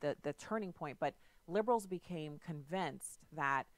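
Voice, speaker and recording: A woman's voice: deep voice, expressive, normal speed, no echo. A woman hosting a political talk radio show, retelling news stories in a conversational way with asides.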